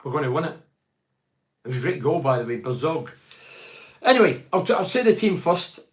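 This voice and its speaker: A man's voice: on the high side, sing-song, a little fast, reverberant. An older Scottish man reviewing a football match on a live stream, frustrated and rambling, with stammers and restarts. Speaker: football pundit.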